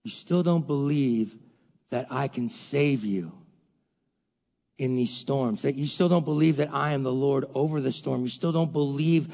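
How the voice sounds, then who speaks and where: A man voicing Jesus, speaking low, solemn and emphatic in a sermon. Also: animated, slow. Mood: reproachful. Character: Jesus, a commanding, reproachful man. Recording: dull lo-fi recording in a reverberant hall.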